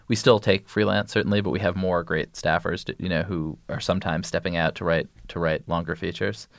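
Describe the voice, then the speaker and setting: Rambling talkative man, low voice. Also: a little fast, vocal fry, no room sound. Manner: rambling, self-interrupting, animated storytelling. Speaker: guest, news editor. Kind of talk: podcast interview conversation.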